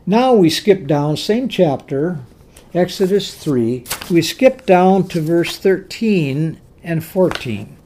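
Slow, animated preacher giving a sermon. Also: mid-range voice. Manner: emphatic, repeats key words; animated storytelling with restarts.

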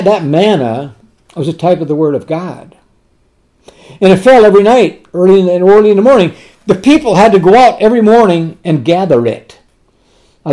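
Lively preacher asking and answering questions. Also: male voice, high voice. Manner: asks rhetorical questions and answers them himself; slows down and drops to a soft voice on tender words. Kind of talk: sermon.

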